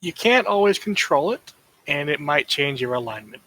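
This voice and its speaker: Bright-toned man at the game table. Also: a little high, animated, moderate pace, low-quality recording. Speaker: player. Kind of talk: casual tabletop game chat.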